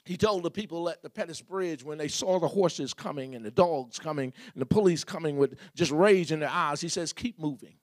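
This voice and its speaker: A man's voice: on the high side, a little fast, hardly any pauses, no room sound, clean studio sound. A man preaching a sermon as pastor, building repeated refrains and asking the congregation questions.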